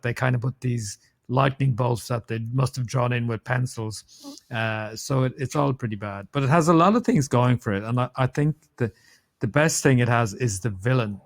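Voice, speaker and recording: A man's voice: mid-range voice, vocal fry. Chatty Irish man telling film stories. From Ireland. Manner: rambling, amused storytelling with frequent fillers. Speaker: podcast co-host. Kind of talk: casual chat about a film.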